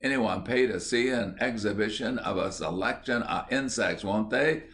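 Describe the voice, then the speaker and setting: A man's voice: fairly low pitch, moderate pace, a bit bright. A man voicing a bossy, stubborn schoolboy leader who speaks sternly and crushes his friends' objections in an audiobook.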